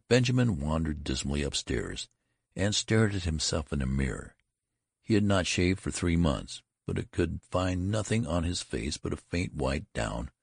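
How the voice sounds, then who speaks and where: Deep gravelly male audiobook narrator. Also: no room sound, studio quality. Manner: expressive, varied reading. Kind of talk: audiobook reading.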